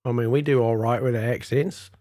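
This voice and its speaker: A man co-hosting a podcast in a casual chat, teasing with a deadpan delivery and wordplay. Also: medium pitch, fairly quick, no room sound, studio quality. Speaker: podcast co-host.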